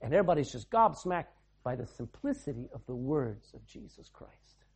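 A man preaching a sermon, swinging from loud to hushed and reading scripture in old-fashioned wording. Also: mid-range voice, big pitch swings, moderate pace, husky.

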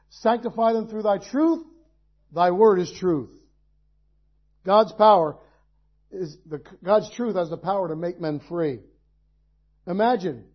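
A man's voice: high-pitched, slightly rough, highs cut off. A male pastor preaching a sermon, in a conversational style with folksy asides and rhetorical questions.

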